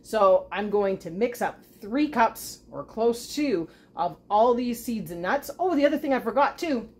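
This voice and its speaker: A woman's voice: fairly high pitch, expressive, measured pace, a little hiss or hum. A woman hosting a homesteading channel, chatting in a self-deprecating way as she walks through a recipe in her home kitchen. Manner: chatty and self-deprecating, talking while cooking. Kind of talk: casual cooking demonstration.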